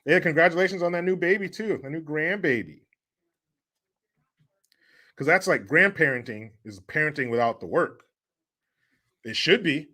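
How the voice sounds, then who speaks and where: A man hosting a livestream, reading viewer chat aloud and bantering in a loud, profane, joking way, often laughing and teasing rival fans. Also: on the high side, expressive, normal speed, long pauses. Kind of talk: casual chat.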